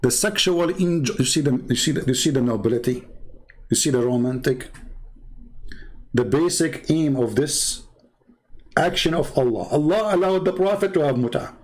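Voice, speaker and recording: A man with an Arabic accent, speaking as a channel host and giving mocking, sarcastic commentary. His voice drops to low mutters and jumps to high exclamations. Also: lively intonation, normal speed, a little mellow. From Middle East. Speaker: Christian apologist channel host.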